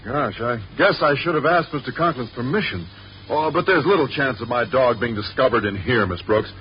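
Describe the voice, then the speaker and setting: A man's voice: medium pitch, lively intonation, brisk, natural voice. An actor playing a shy, earnest male biology teacher in a 1950s radio sitcom, bashful and a bit stammering. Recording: dull old radio recording with hiss.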